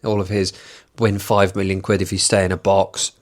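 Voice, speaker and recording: A man's voice: low voice, little pitch movement, normal speed. A man hosting a solo podcast, ranting in a sweary, sneering, sarcastic way and mocking what he reads aloud. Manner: reads items aloud and mocks them. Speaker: podcast host.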